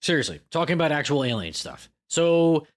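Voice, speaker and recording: Lively, irreverent male podcast host. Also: on the high side, brisk. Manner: irreverent, profane, self-mocking jokes. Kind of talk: comedic podcast monologue.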